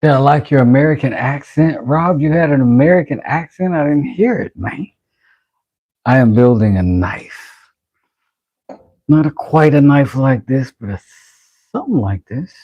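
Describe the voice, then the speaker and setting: A man's voice: mid-range voice, expressive, normal speed, muffled recording. A man chatting casually with his live-stream audience while carving wood, joking and bantering playfully. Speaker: woodworking streamer.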